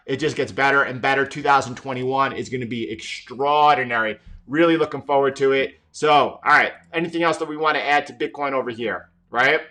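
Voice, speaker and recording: A man's voice: medium pitch, sharp tone. A man hosting a live trading stream, talking emphatically and often repeating and restarting his words. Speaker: trading livestream host. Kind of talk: live market commentary.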